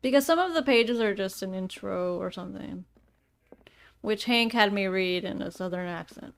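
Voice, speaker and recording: 킥킥 웃으며 수다스러운 여자 게임 플레이어. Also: female voice, mid-range voice, moderate pace, creaky. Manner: giggly, chatty, reads out from a rulebook. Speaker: player. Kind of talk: casual tabletop game chat.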